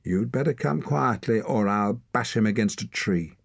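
A cold, sneering young girl hunter, as a man voices her in a storybook reading, lifted well above his own register with a husky grain. She clips her words short, and the sound is close and dry. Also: mid-range voice, sing-song, normal speed, darkish tone, no room sound, voice pushed up. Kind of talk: audiobook character voice.

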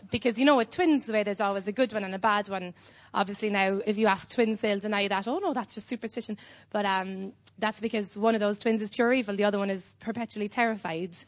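A woman's voice: medium pitch, a little fast. Irish woman rambling through a standup set. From Ireland. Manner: whimsical, rambling deadpan storytelling with frequent ums. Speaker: standup comedian.

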